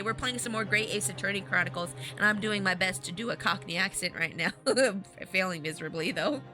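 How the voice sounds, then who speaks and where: A woman's voice: medium pitch, brisk, music in the background. Playful woman streamer. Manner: playful and chatty. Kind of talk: casual live-stream commentary.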